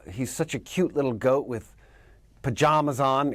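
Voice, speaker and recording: A man, an actor, answering interview questions in an animated way, laughing often and dropping into character voices. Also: medium pitch, measured pace, no echo, clean studio sound.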